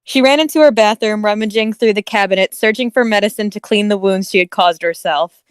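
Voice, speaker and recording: A woman narrating a horror story aloud for friends. Her voice is smooth and clear, recorded close and dry, with a steady reading pace. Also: mid-range voice, a little fast, no room sound. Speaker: story reader.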